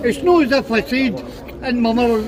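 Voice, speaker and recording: A man's voice: extremely high pitch, normal speed. A man with a Glaswegian accent arguing bluntly and insistently at a street protest. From Glasgow, Scotland. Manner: blunt, insistent, calls people mate. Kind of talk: heated street argument. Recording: outdoor street with crowd noise. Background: crowd noise.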